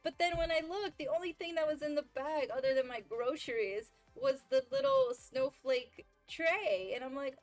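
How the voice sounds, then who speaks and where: A woman's voice: sits high, very animated, normal speed, hardly any pauses, faint music behind. A young woman streamer chatting casually, telling a story with lots of laughs and fillers. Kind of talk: casual chat while gaming.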